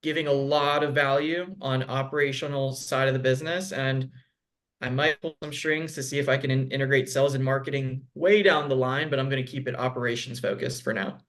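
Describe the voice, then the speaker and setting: A man's voice: medium pitch, steady tone, fairly quick, a bit bright. Chatty man on a video call. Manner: conversational, frequent "like" and "um". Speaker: business consultant guest. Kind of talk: casual video call chat.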